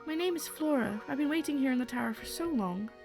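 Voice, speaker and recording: Woman voicing a soft, sheltered young girl. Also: high-pitched, expressive, fast, over music, pitched above the performer's own voice. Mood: earnest.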